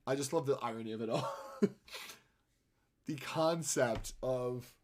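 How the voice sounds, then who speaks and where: While sketching on a live stream, a man rambles easily with his audience and laughs a lot. He speaks in an unhurried, mid-range voice, and a slight hiss or hum can be heard.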